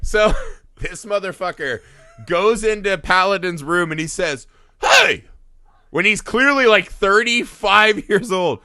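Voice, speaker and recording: Male podcast co-host, bright, slightly high voice, casual and profane, mocking impressions. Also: measured pace, clear, resonant tone, no room sound. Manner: animated, profane, laughing, slips into mocking voices. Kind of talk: casual film review chat.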